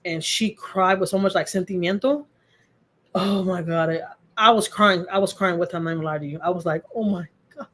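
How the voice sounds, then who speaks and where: A woman's voice: fairly low pitch, steady tone, brisk. A middle-aged woman, hosting a casual livestream from home, chatting with viewers in a heartfelt way and repeating phrases for emphasis. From Texas. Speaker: livestream host. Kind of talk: casual livestream chat answering viewer comments.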